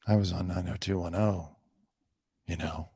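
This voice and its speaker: A man's voice: deep voice, fairly even intonation, normal speed, mellow, slightly rough, dry recording, studio quality, voice pushed down, heavily acted. A man in whispered role-play as a mopey, down-on-her-luck former TV actress, sighing with self-pity. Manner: self-pitying, wistful whisper.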